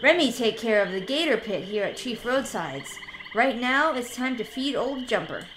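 A woman's voice: a little high, expressive, moderate pace, background noise, lightly acted. A woman reading the lines of a folksy old male gator-pit keeper in a video game, plainly and without an accent, as he talks about himself in the third person. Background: game music.

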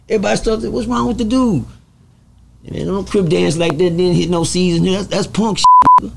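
A man from Texas talks at a high pitch, and his voice has a gravelly edge. He tells his stories in a loose, profane way and acts out every exchange. Heavy noise fills the recording behind him. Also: fast talker. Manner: animated, profane, laughs through the story. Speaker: interview guest telling prison stories. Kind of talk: casual storytelling with acted-out quotes.

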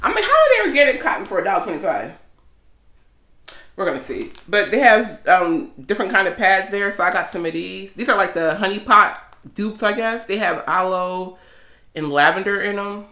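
A woman's voice: mid-range voice, normal speed, recorded from a distance. Chatty vlogging woman in an echoey room. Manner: chatty, animated. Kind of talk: casual vlog chat.

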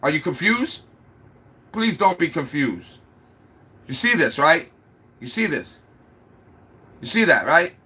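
Livestream host, man, bright voice, scolding, repeats himself, mock-patient. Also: fairly high pitch, very animated, takes it slowly, long pauses, slightly rough. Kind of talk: casual livestream rant.

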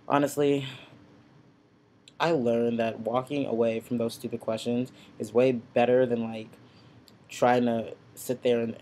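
A man vlogging at home into his computer's built-in mic, sassy, blunt and openly profane. His voice sits at an ordinary pitch with a gravelly fry running through it. A faint hum of room noise stays under his talk. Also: a little mellow. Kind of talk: casual ranting vlog. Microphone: built-in computer webcam mic.

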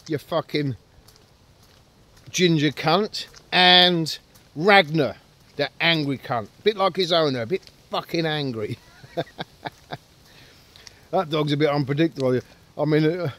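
A man's voice: fairly high pitch, a bit bright. A man vlogging outdoors with his dogs, rambling and ranting, heavy with swearing and self-deprecating jokes. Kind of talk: casual rambling vlog.

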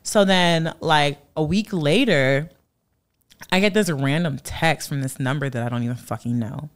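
A woman in casual chat telling a story in lively detail, acting out the people in it and swearing freely. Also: low voice, moderate pace. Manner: animated, acts out quoted voices, swears freely. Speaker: guest.

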